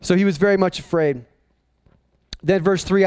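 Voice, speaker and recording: A man, a pastor, preaching a sermon in an animated way, repeating and restarting phrases as he drives his points home. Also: high-pitched, fast, dry recording. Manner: animated, acting out voices of people in the story.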